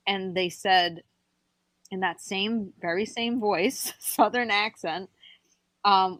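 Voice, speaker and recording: Woman telling an eerie story, halting. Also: mid-range voice, no echo. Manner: halting, animated when quoting herself. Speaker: podcast guest. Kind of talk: telling a personal paranormal story.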